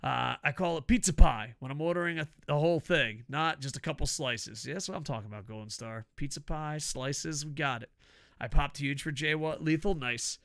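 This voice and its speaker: Gravelly, bright-voiced New man. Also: fairly high pitch, fairly quick, no room sound, studio quality. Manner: rambling, profane, laughs at own stories. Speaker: podcast host. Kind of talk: casual wrestling review chat.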